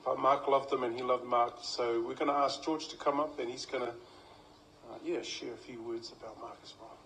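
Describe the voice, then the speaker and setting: A man acting as master of ceremonies, introducing the next speaker at a funeral in a relaxed, halting way. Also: medium pitch, noisy background.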